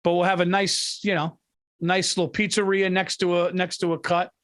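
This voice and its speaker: Podcast co-host, man with a New York accent, excitable and rambling, notably high voice. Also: moderate pace. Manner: excitable, rambling, repeats himself. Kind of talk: casual chat.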